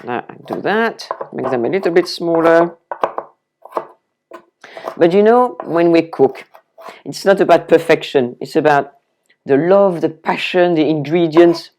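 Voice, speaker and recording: A French-accented woman talks the viewer through a simple recipe in her kitchen, chatty and keen. Her voice sits low, and she takes her time with each phrase. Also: measured pace, pauses often, noisy background. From France. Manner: chatty and enthusiastic, talks to the viewer while chopping. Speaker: cooking video host. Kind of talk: casual cooking demonstration. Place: home kitchen.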